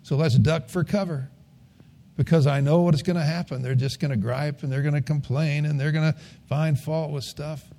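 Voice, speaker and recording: A man's voice: fairly high pitch, steady tone, moderate pace, gravelly, mellow. An older man preaching a sermon, telling folksy stories and rising to earnest emphasis. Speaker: pastor.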